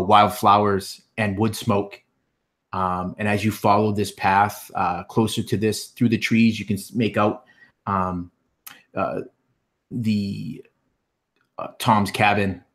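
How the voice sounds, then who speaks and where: Man, game master, lowish voice, halting, lots of ums. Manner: halting, many fillers. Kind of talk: narrating a tabletop game.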